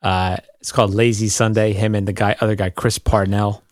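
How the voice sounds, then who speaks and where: A man's voice: on the low side, flat delivery, a little fast, no echo, clean studio sound. A man co-hosting a casual podcast, talking in an easygoing, hesitant way with many ums. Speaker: podcast co-host. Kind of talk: casual chat.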